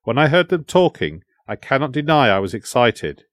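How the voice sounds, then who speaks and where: A calm companion who speaks earnestly and reflectively, as a male narrator puts him on. His delivery is even and unhurried. The sound is dry and close. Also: mid-range voice, no room sound, close to an everyday voice.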